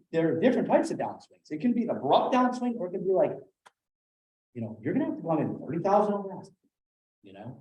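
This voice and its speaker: A man running a live sales training session, animated, acting out different tones of voice as examples. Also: fairly high pitch. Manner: animated, demonstrates tones with acted quotes. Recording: echoey room.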